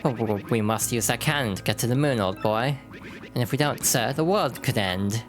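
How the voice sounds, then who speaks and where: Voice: mid-range voice, brisk, faint music behind, natural voice. A streamer voicing an old, formal Bob-omb sailor from a video game who speaks in a proper, old-fashioned way. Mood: determined.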